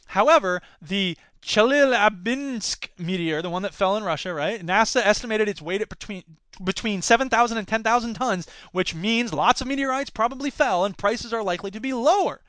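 A man's voice: sits high, animated, fairly quick, a bit bright, dry recording. A man hosting a podcast, reading news items and riffing with jokes in a rambling, playful way. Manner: jokey, rambling, slips into silly voices. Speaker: podcast host. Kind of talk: comedic news commentary.

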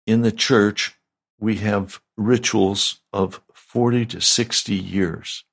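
A man's voice: on the low side, steady tone, slow, gravelly, husky. A male pastor preaching a sermon, retelling a Bible story and rising to emphatic peaks.

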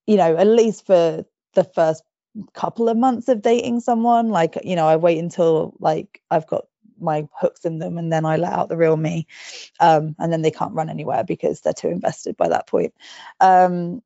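A woman's voice: on the low side, gravelly, mellow, no echo. A woman co-hosting a podcast, chatting casually and self-deprecatingly, laughing often. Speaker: podcast co-host. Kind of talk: casual chat. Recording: dull dry podcast recording.

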